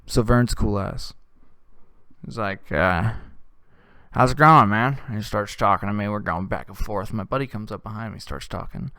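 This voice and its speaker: A man hosting a comedy show, telling a crude, rambling story with deadpan delivery. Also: on the low side, moderate pace, no room sound, studio quality.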